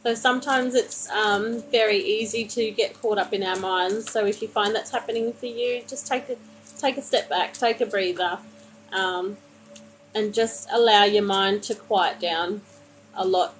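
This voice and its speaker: A woman reading tarot cards for viewers on a live stream, calmly reassuring them and calling them honey. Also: mid-range voice, measured pace, slight background noise, rough recording. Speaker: tarot card reader. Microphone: phone.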